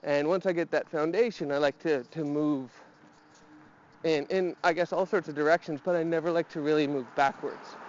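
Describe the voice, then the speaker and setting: A man's voice: fairly high pitch, fairly even intonation, moderate pace, a little mellow, lo-fi sound, slight background noise. A man talking casually while walking his dog outdoors, a little out of breath and slightly nasal, rambling with restarts and fillers. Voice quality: a bit nasal. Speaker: podcast host.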